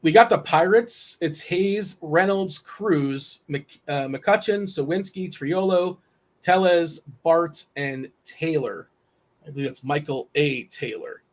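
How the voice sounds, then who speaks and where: A man with a slightly raised pitch hosts a loose sports betting chat. He teases his guests with a playful edge and rattles off lineups at an easy clip, sounding relaxed and engaged. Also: slow pace. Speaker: host.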